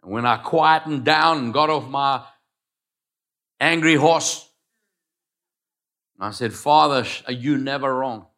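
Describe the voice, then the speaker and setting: Give me a man preaching an emphatic sermon, calling out loudly and then dropping to quiet asides. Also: mid-range voice, takes it slowly, long pauses. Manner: emphatic preaching, swinging between loud calls and quiet asides; calls on the congregation to repeat phrases. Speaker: pastor.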